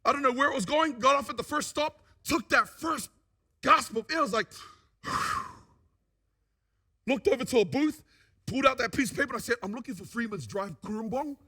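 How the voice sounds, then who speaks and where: Testimony speaker: man, very high and bright voice, lively storyteller. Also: fairly quick, long pauses, slightly rough. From New Zealand. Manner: animated storyteller who acts out what people said. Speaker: guest speaker giving a testimony.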